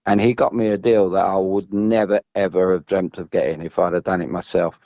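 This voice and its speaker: He speaks briskly in a low, steady tone, and the dull audio carries no room sound. A former English footballer, he rambles through long stories on a podcast, going back over himself and starting again.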